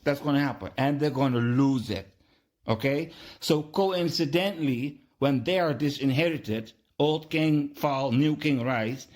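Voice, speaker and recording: A man's voice: mid-range voice, darkish tone. A man hosting a podcast, a delivering an emphatic, preachy religious monologue with lots of repetition. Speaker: podcast host.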